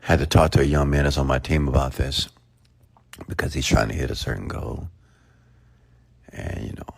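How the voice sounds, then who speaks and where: Deep gravelly man giving a motivational rant. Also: expressive, a little fast, no room sound, clean studio sound. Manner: emphatic, rhetorical questions. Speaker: motivational speaker.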